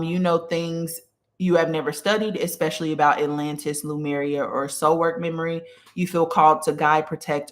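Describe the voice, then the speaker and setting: A spiritual teacher hosting a live stream, teaching casually from notes, often asking "okay?" and greeting viewers along the way. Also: medium pitch. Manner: greets viewers mid-lesson. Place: small room with incense and a candle burning.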